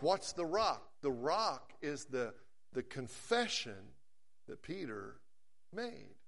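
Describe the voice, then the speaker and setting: A man's voice: a little high, a bit bright. Earnest preacher, man, in reverberant hall. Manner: earnest, emphatic, slows down for scripture quotes. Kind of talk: sermon.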